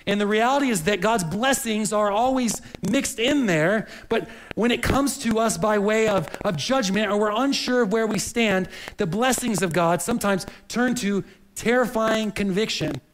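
A man's voice: sits high, moderate pace, rough recording. A man preaching a sermon in an earnest, searching way, often repeating words as he reaches for the next phrase. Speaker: pastor.

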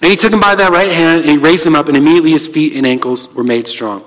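A man gives a relaxed, conversational sermon, often restarting his phrases. His voice sits a little on the high side. Long reverb from a church hall hangs behind his words. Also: quick pace. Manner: conversational, many restarts and fillers. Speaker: pastor.

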